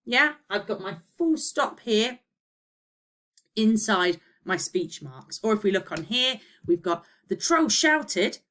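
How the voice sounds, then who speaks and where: A woman's voice: medium pitch, lively intonation, slow, a bit bright. A woman teacher giving a recorded lesson, explaining step by step and checking in with her pupils. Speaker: primary school teacher.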